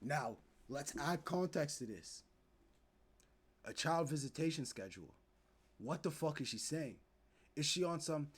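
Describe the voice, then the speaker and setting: A young man streaming, ranting to his chat in animated, profane commentary and acting out the people he talks about. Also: a little high, moderate pace, breathy edge. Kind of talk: casual commentary to live chat.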